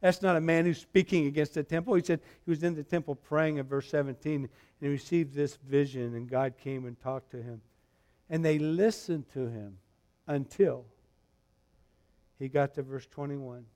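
A pastor delivers an expository, verse-by-verse sermon in a voice on the high side at a moderate pace. He alternates between loud, animated retelling and quiet, reflective reading, restarting now and then as he tells the story.

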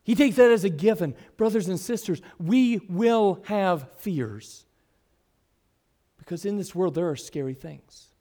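Middle-aged pastor, high tenor, earnest sermon delivery with big shifts in loudness. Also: male voice, expressive, unhurried. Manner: earnest, varies loudness widely, drops to soft asides.

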